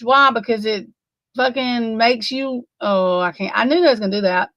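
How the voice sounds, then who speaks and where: A woman's voice: on the high side, moderate pace, fairly bright tone, no room sound. A woman hosting a casual true crime livestream, sleepy and yawning, rambling and swearing in exasperation as she talks to her chat. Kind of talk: casual live commentary.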